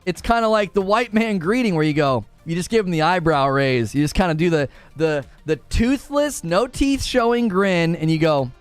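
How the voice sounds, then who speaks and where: Male streamer, high lively voice, jokey and loud, faint music under. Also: moderate pace, few pauses, smooth, no echo. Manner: animated, jokey, often yelling. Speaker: live stream host. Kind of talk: casual live stream chat.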